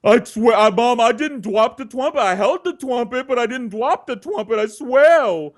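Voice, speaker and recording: A man doing a shrill whiny little boy. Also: expressive, normal speed. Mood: whiny denial. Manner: pleading, shouting protests. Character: whiny young boy denying blame.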